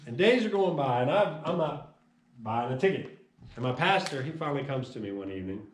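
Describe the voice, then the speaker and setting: A man's voice: mid-range voice, fairly quick, distant mic, slight background noise. A man from Chicago telling his personal testimony, acting out the voices of the people in his story. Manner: animated storyteller acting out dialogue. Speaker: testimony speaker. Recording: echoey room.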